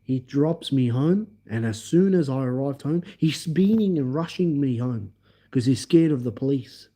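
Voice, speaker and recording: A man hosting a livestream, telling a story in an animated, emphatic way and acting out the scenes. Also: medium pitch, moderate pace. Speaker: livestream host. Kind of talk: casual storytelling.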